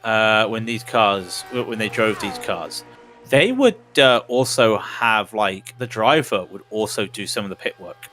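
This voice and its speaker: A man doing relaxed, conversational live sim racing commentary. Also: fairly low pitch, a little slow. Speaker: race commentator.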